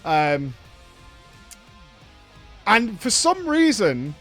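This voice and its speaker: High-voiced profane streamer telling a story. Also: male voice, huge pitch swings, extremely slow, a bit bright, soft background music. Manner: rambling, profane, breaks off to thank viewers. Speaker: streamer and show host. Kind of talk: casual live-stream storytelling.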